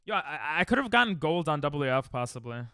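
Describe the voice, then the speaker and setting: A man's voice: fairly high pitch, sing-song, a little fast, sharp tone, clean tone, dry recording. A young man streaming a speedrun at home, rambling and joking with his chat as he plays. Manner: rambling, joking, talks to chat while playing. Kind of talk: casual live-stream chat while speedrunning.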